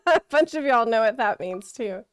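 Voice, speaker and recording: A woman's voice: fairly high pitch, expressive, a little slow. A woman streamer chatting casually and laughing as she plays through a game. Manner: chatty and giggly, reacts to the game. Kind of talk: casual gameplay commentary.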